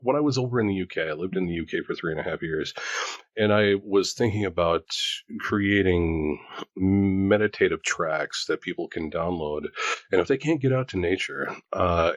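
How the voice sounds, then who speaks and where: A man's voice: low voice, dry recording, lo-fi sound. A man in his forties hosting a casual chat, talking in a rambling, joking way. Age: 40s. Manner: chatty, rambling, self-joking. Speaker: host.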